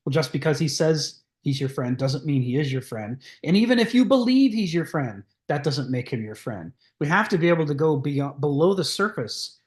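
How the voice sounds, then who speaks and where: Man leading a text discussion, echoey room. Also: mid-range voice. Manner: discursive, many restarts and fillers. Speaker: discussion leader. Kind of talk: reading and commenting on a philosophy text.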